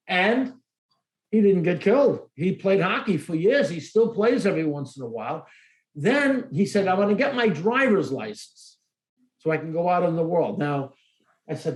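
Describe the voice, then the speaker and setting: Expressive older-sounding male host, echoey room. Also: on the high side, moderate pace. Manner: expressive, acts out quoted dialogue. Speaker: podcast host. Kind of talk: casual interview storytelling.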